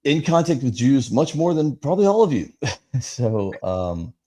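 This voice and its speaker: A man co-hosting a live podcast, telling stories in a rambling, animated way full of fillers. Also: mid-range voice, normal speed. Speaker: podcast co-host. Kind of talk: casual chat.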